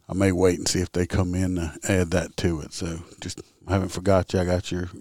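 A man's voice: deep voice, a little mellow, no echo, studio quality. A man who hosts a podcast and works as a traffic officer, telling stories in a casual, rambling, blunt way with the odd curse word. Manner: rambling, blunt, occasional swearing. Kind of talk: casual storytelling monologue.

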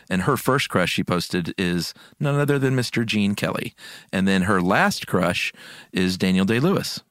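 A man's voice: sits low, a bit bright, no room sound, clean studio sound. A man hosting a podcast, reading listener comments aloud in a casual chat, chuckling and stumbling over names. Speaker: podcast host.

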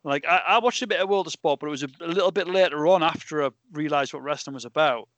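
A British man hosting a podcast, telling stories in a rambling, animated way with lots of fillers. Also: a little high, quick pace, dry recording. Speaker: podcast host. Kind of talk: casual chat.

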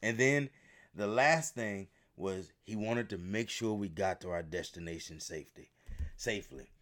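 A man hosting a faith podcast, telling a story in a preaching style that builds to loud, emphatic commands. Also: fairly low pitch, normal speed. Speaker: podcast host.

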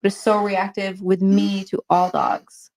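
A woman co-hosts a live dog training Q&A, reading viewer questions aloud and trading light teasing with her co-host. Her voice has a noticeable vocal fry. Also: mid-range voice, little pitch movement, unhurried, darkish tone. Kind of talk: live Q&A chat.

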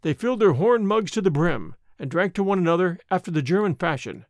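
A man narrating a story in a measured audiobook reading. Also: sits high, animated, dry recording, studio quality.

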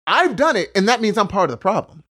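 A man in casual conversation, talking in an animated way and acting out the voices he quotes. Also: sits high, fast.

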